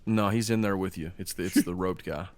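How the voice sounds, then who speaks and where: A man narrating as game master of a tabletop game, slowing down for dramatic scene-setting. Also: low voice.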